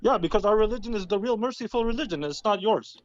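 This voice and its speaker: Quick-talking man on lo-fi audio. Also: high-pitched, expressive. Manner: quick, cuts in with short questions. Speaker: debater. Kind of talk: heated live debate.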